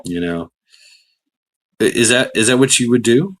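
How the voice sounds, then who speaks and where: Man, middle-aged, low voice, livestream host, casual rambling chat, fillers, excited bursts. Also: moderate pace.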